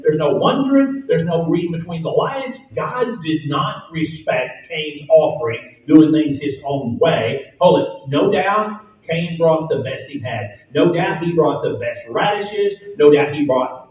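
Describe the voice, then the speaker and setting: Echoey, distant male preacher. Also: a little high. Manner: emphatic, rising to loud repeated points. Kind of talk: sermon. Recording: echoey, distant, dull sound.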